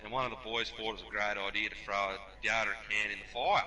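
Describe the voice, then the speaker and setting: A young Australian man casually telling a sweary, animated story as a podcast guest. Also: lowish voice, fast, very noisy. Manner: swearing, animated yarn-spinning.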